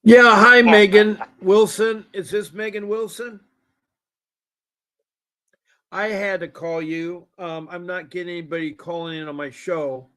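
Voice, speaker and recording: A man with a notably high-pitched voice hosts a call-in show. His talk is loose and folksy, and he drifts between points and repeats himself. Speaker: show host.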